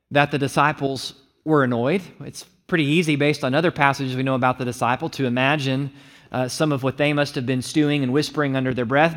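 A man preaching a sermon, explaining a passage and acting out the speakers' lines with animation. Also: mid-range voice. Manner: animated, acts out the disciples' lines in a raised voice. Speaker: pastor.

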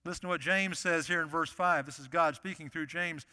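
A man's voice: a little high, a little fast, sharp tone. A male pastor preaching a sermon emphatically, repeating key phrases for weight. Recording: reverberant hall.

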